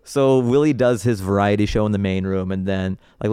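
A male comedian guest on a podcast, telling stories in an animated, casual way and laughing often between phrases. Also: fairly low pitch, brisk, clean tone, dry recording, studio quality.

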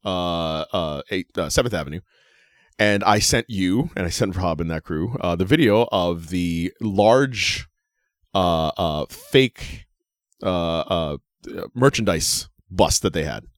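A man's voice: deep voice, slow, no room sound, studio quality. A man co-hosting a wrestling podcast in casual chat, ranting and swearing with lots of laughter. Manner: animated, swearing, laughing ranter. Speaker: podcast co-host.

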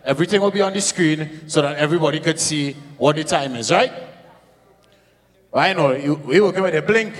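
High-voiced man shouting hype at a sound clash. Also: fairly quick. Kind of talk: live event hype talk. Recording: echoey venue with long reverb.

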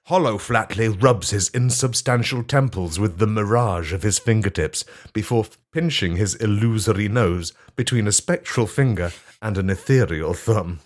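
A man narrating an absurd comedy tabletop game as game master, in a deadpan storytelling manner. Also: lowish voice, normal speed, hardly any pauses.

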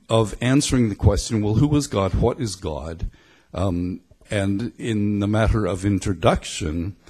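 A man's voice: deep voice, darkish tone, husky. A middle-aged man from Belfast giving a conversational sermon, reflective and thinking aloud as he goes. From Belfast, Northern Ireland. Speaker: preacher.

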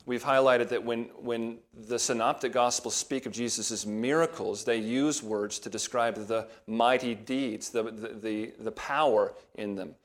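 Taking his audience through a passage one verse at a time, this pastor delivers an expository sermon with fairly even intonation at medium pitch. His manner is patient and measured, though he rises on the key words to emphasize them.

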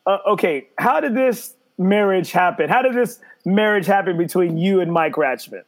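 A man with a high-pitched voice hosts a podcast. He tells stories in an animated way and pokes fun at himself in casual chat. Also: moderate pace. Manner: animated storyteller, self-mocking. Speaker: podcast host.

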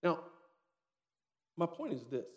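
A man in his thirties preaching a sermon, telling a story with lively acted-out dialogue. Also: on the high side, takes it slowly. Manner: storytelling, animated, acts out quoted dialogue. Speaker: pastor.

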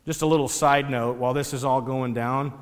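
Animated male preacher in a big echoing hall. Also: medium pitch, brisk. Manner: animated storytelling, conversational. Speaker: pastor. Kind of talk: sermon.

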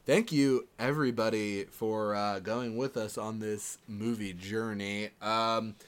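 Male podcast co-host, relaxed quizmaster, casual and chatty. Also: fairly low pitch, slow, clean tone. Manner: relaxed, chatty, with frequent fillers and laughs. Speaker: podcast co-host running a quiz.

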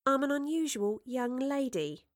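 A woman voicing a cheeky, lively young woman in an audiobook. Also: high-pitched, measured pace, dry recording, studio quality, voice pushed up.

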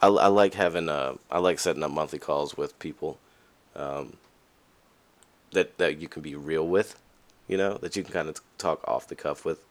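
A man hosting a podcast, talking candidly and casually to listeners, with frequent fillers and restarts, and his voice jumps up high when he stresses a point. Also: normal speed. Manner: lively, pitch jumps high for emphasis. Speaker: podcast host. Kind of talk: casual motivational monologue.

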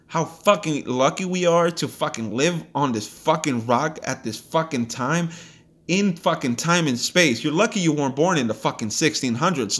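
A man's voice: mid-range voice, a bit bright. A man hosting a podcast, delivering a blunt, profane and heated motivational rant. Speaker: podcast host. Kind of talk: ranting motivational monologue.

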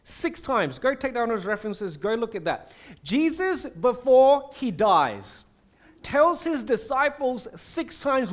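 High-voiced man preaching a lively sermon. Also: takes it slowly. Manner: animated, acts out prayers and quotes with shifting voice; conversational with fillers and restarts.

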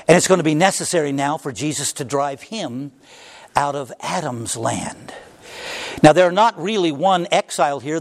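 A man preaching a sermon, swinging from hushed passages to loud, impassioned cries at the climaxes. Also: vocal fry. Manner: preaching with dramatic swings in pitch, crying out at climaxes. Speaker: pastor.

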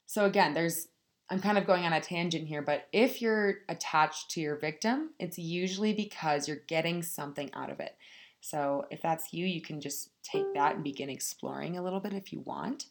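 A woman's voice: low voice, normal speed. A woman giving a casual motivational talk, speaking frankly and swearing freely as she addresses her listeners directly. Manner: frank, profane, addresses listeners as "you guys".

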